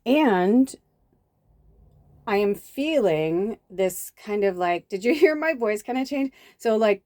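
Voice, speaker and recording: Speaking slowly in a mellow, animated, medium-pitched voice, a tarot reader and medium from the south suburbs of Chicago chats her way through a spiritual card reading. She gets distracted easily and keeps slipping into whispers, and there's no echo.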